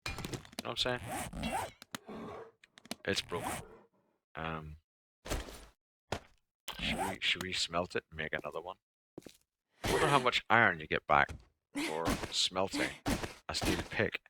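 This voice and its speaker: A man's voice: sits low, expressive, a little slow, long pauses. A man casually commenting while he plays a survival game, muttering to himself and humming between remarks. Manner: talks to himself, mutters and hums. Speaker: gamer. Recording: noisy game audio behind.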